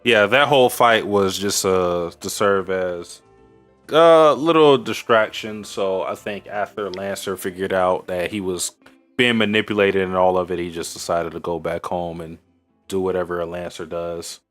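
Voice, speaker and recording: A man's voice: low-pitched, steady tone, moderate pace, a bit bright, soft background music. A man co-hosting a podcast, casually recapping anime episodes with crude jokes and lots of fillers. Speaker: podcast co-host.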